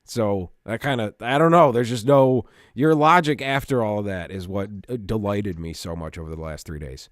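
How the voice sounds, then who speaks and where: A man co-hosting a podcast in casual chat, telling stories in an animated, profane way. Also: lowish voice, normal speed, hardly any pauses, no room sound, studio quality. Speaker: podcast co-host.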